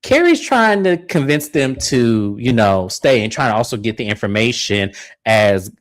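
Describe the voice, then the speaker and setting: A man's voice: normal speed, dry recording. Chatty man acting out a recap. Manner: animated storytelling, jumps into high-pitched impressions of cast members. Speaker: reality TV recap co-host. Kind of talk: casual recap chat.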